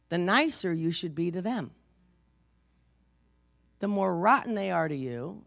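Brief: woman preacher, creaky gravelly voice, dry close sound, conversational sermon. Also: on the low side, no echo. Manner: chatty storytelling, frequent "you know", laughs easily. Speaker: pastor.

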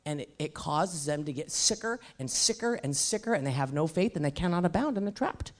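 A middle-aged woman preaching a sermon in an emphatic, animated way, mixing in humorous personal stories. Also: low voice, fairly quick. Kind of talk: sermon with comic storytelling.

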